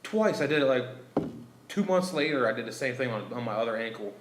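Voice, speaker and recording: A man with a mid-pitched voice tells a rambling, profane story in casual podcast chat. The room is echoey, and faint noise sits behind him. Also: expressive, fairly quick. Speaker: podcast co-host. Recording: roomy echo, faint noise.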